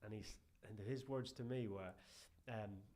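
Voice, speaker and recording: An Irish man, a strength and conditioning coach, telling lively anecdotes as a guest in a casual interview and often calling the host "mate". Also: fairly low pitch, a little slow. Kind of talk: casual podcast interview chat.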